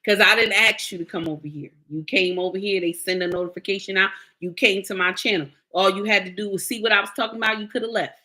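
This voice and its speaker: Delivering a livestream commentary rant, this middle-aged woman creator bluntly preaches at her audience and tells them off. She speaks fast with few pauses, her medium-pitched voice steady, bright and forceful.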